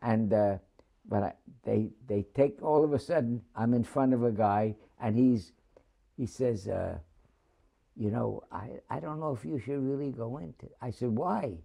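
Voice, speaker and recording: Gravelly older man. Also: mid-range voice, mellow. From New York City. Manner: chuckling anecdotal storyteller, halting restarts. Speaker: war veteran interviewee. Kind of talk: oral history storytelling.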